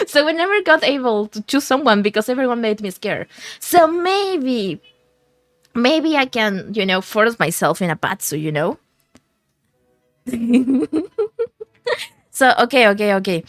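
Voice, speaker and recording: A woman's voice: a little high, animated, measured pace, pauses often, fairly bright tone, no room sound. A woman VTuber chatting casually with her stream chat in a rambling, giggly way, often restarting her words, at a desk mic.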